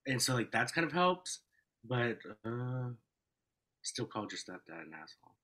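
A man who is a podcast guest, talking in an easygoing, measured way in casual chat. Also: mid-range voice, sing-song, pushed and bright, poor audio.

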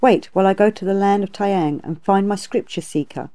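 Woman reading as a calm, gracious bodhisattva. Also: medium pitch, fairly quick, natural voice. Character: calm, compassionate female bodhisattva.

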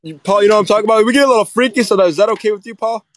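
High-voiced teasing man hosting a comedy skit. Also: racing. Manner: teasing, goofy, repetitive. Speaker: host of a plush-toy channel. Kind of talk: improvised crude comedy skit.

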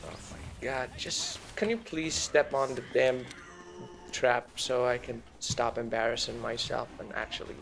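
A man doing a slow, gravelly rambling celebrity impression. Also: mid-range voice, fairly bright tone, soft background music. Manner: meandering, self-mocking, easily sidetracked. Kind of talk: gameplay commentary in an impression voice.

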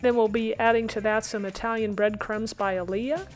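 A woman's voice: a little high, steady tone, normal speed, faint music behind. A woman hosting a home cooking demonstration in an upbeat way, throwing in corny chef jokes. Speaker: cooking show host.

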